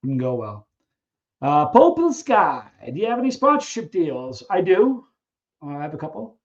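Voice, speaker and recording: A man hosting a casual live Q&A stream, reading viewer questions and answering them in an animated way, acting out little scenes with frequent restarts. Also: fairly high pitch, lo-fi sound. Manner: animated storyteller who acts out scenes, halting restarts.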